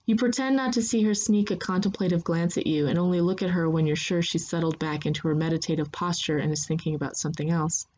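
A woman narrating a second-person story in a steady, unhurried reading voice. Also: fairly low pitch, lo-fi sound.

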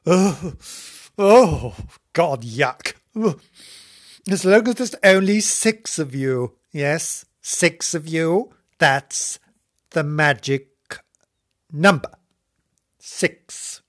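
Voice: mid-range voice, expressive, drawn-out words, pauses often. A host giving a rambling, theatrical comic monologue, giggling, mocking themself and drifting off on tangents.

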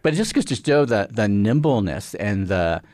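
Low-voiced Canadian official, rambling. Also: male voice, sing-song, moderate pace, a little mellow, dry recording, studio quality. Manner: rambling, filler-heavy, earnest. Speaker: regulator official, guest. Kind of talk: conversational interview.

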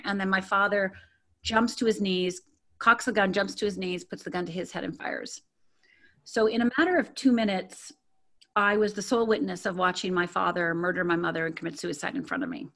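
A middle-aged woman speaks as an interview guest, recounting her own life in an earnest, candid way. Her voice sits at an ordinary middle pitch, and she talks loosely, with fillers and repeated words. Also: brisk, a bit bright. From Upper Peninsula of Michigan. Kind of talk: personal storytelling.

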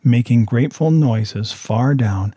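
An audiobook reader with a mid-range voice reads a story aloud. His scripted narration is steady and measured.

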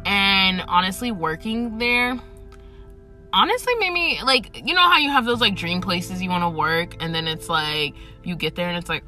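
A young woman from Atlanta talks casually from inside her parked car, with a bright, forward voice. She swears freely and breaks into laughter often. Faint music plays underneath. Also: lowish voice, normal speed. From Atlanta, United States. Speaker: podcast host. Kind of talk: casual chat. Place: parked car in a parking garage.

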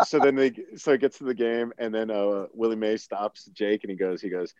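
A man's voice: fairly low pitch, steady tone, fairly quick, few pauses, a little mellow, smooth, no echo, muffled recording. A man in a casual podcast chat, animatedly retelling a movie, acting out quotes and laughing often.

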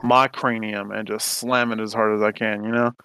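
A man's voice: fairly low pitch, level tone, moderate pace, gravelly, sharp tone, clear, resonant tone, no echo. A man co-hosting a casual podcast, rambling through crude stories with constant swearing. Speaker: podcast co-host.

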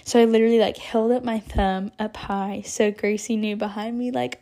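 A young woman from Texas talks through a personal story as a podcast host, chatty and animated. Her voice sits a little high but sounds soft and mellow rather than bright. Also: fairly quick, few pauses. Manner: chatty, animated, many "like" fillers and laughs. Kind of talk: casual storytelling.

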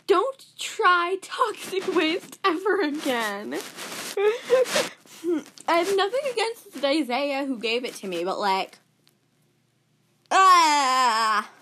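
A woman's voice: high-pitched, very animated, slow, fairly bright tone, a little hiss or hum, rough recording. A woman hosting a casual solo podcast, giggly and dramatic, often laughing mid-sentence. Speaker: podcast host.

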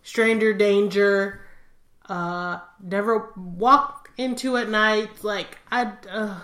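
A woman co-hosting a podcast in casual chat, animated and talkative, with lots of "like". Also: mid-range voice, slow pace. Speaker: podcast co-host. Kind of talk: casual chat reviewing music videos. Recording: echoey room.

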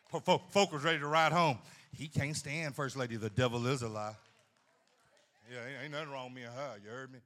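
A man preaching a sermon at a men's conference, folksy and humorous, swinging from shouts to hushed asides. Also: medium pitch, brisk. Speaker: pastor.

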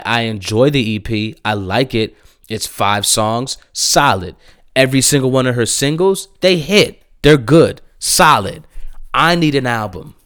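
A young man giving casual, blunt music reviews, swearing and breaking into animated, emphatic outbursts. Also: mid-range voice, smooth, dry recording, studio quality.

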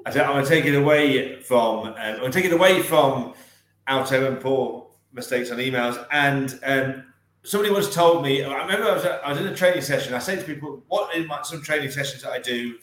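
A man's voice: mid-range voice, fairly quick, fairly bright tone, roomy sound, rough recording. A man co-hosting a casual property-business chat, telling corny jokes and anecdotes with lots of ums. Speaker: podcast co-host, estate agent.

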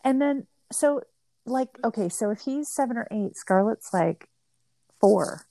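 A woman's voice: a little high, expressive, a little slow, vocal fry, mellow, no echo. A middle-aged woman, a mother and podcast guest, telling family stories in casual conversation, chatty and full of "like" fillers. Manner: chatty, storytelling with many "like" fillers.

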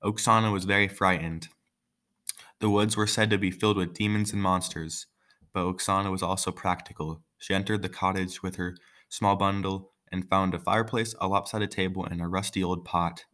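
A man's voice: low-pitched, steady tone, moderate pace, a bit bright. A man reading a folk tale aloud, breaking off for joking, offhand asides. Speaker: story reader.

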